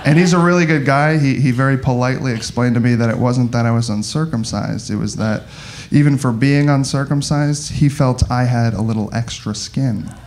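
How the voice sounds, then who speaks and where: A man performing a stand-up comedy set, animated and exaggerated, jumping in and out of mock voices. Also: medium pitch, normal speed. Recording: live club with audience laughter.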